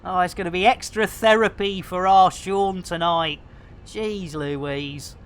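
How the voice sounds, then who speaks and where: A man's voice: high-pitched, steady tone, takes it slowly, fairly bright tone, clean tone. A man giving playful, theatrical commentary on a live game stream. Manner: jokey, theatrical, lots of pet phrases.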